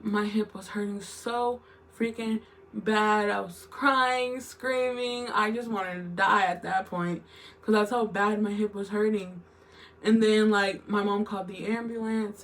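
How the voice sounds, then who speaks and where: A woman's voice: mid-range voice, fairly bright tone. A young woman telling a long, emotional story in a rambling vlog style, full of fillers and restarts. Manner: rambling, emotional retelling with lots of "like" and "literally". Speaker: vlogger.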